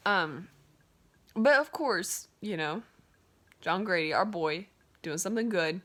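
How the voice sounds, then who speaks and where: A woman's voice: lowish voice, animated, moderate pace, a bit bright. Young woman chatting through a story, says like a lot, voice goes way up and down. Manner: chatty, full of "like" and "um". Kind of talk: casual story retelling.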